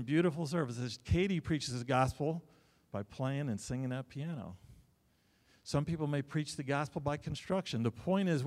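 A middle-aged male pastor delivering a sermon, telling stories with sudden loud bursts and joking asides. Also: a little high. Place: church sanctuary. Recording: long hall reverb.

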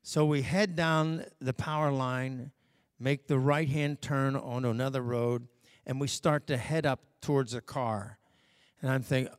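A man preacher telling a personal story as a sermon testimony, in a folksy manner that swings from hushed to loud. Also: mid-range voice, a little slow, no echo, clean studio sound. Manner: folksy, with fillers and self-corrections.

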